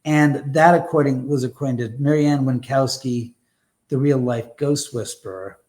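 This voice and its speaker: Speaking at a moderate pace in a medium-pitched, darkish voice, a haunted house owner appears as a guest on a live show. His storytelling is animated and chatty, full of emphatic tangents, blunt remarks and a bit of mild swearing.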